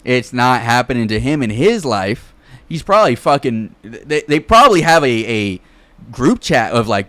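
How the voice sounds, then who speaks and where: A man's voice: medium pitch, sing-song, normal speed, pushed and bright, no echo. A man co-hosting a podcast, chatting casually and cutting in with jokes. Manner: joking interjections, laughs along. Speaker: podcast co-host. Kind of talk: casual chat.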